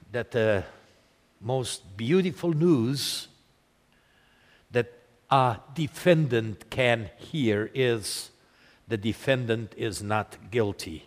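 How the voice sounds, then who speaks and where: An older man preaching a sermon, telling a family story slowly and deliberately, building to emphatic points. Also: mid-range voice. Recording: long hall reverb.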